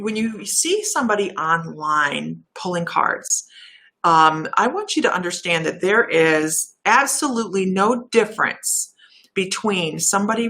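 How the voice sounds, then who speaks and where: A woman giving intuitive readings on a live stream, chatty and warm, laughing at herself and drifting off topic. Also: mid-range voice. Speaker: intuitive reader and shaman.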